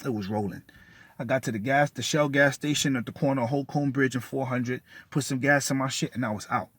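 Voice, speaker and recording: A man's voice: medium pitch, fairly even intonation, a little fast, a bit bright, husky, no room sound. A man telling a story in an agitated, profane rant, cursing and repeating himself. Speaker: vlogger.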